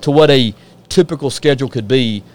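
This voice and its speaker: A man's voice: mid-range voice, fairly quick, a little mellow. A man hosting a casual sports talk show, folksy and opinionated, ribbing his guests.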